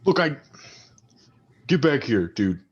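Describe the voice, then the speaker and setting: A man voicing a rowdy drunk young man who keeps calling after his friend, in loud, slurred bro-speak. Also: medium pitch, big pitch swings, slow pace, husky, lo-fi sound, voice pushed up, heavily acted. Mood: drunk, pleading.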